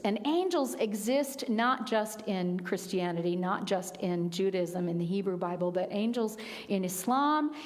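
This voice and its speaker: A woman minister giving a sermon, telling stories in a conversational way with quiet, emphatic asides. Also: mid-range voice, long reverb tail. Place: church sanctuary.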